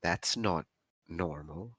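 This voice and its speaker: A woman with an unusually deep voice, speaking slowly and calmly as a player in a tabletop game. Her voice is recorded dry and close, with no room sound. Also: husky, no room sound.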